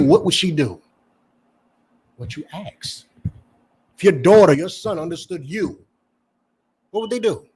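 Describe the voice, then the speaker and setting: Brief: husky male preacher, confrontational lecturing sermon, profane and blunt. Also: on the high side, darkish tone. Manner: lecturing, profane, asks "You understand?" constantly. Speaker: preacher and teacher. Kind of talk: confrontational street-style sermon.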